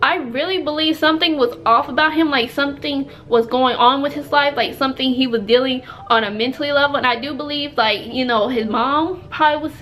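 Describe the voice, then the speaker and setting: A young woman with a high voice, recounting a personal story straight to camera. She talks in a chatty, emphatic way and circles back with plenty of fillers as she goes. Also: brisk, hardly any pauses, fairly bright tone. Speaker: vlogger. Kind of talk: storytime vlog.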